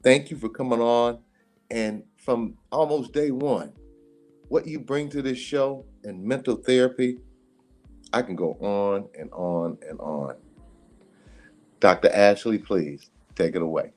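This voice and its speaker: A man hosting a live talk radio show, emphatic and animated, breaking into laughter. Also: mid-range voice, measured pace, faint music behind. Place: radio studio.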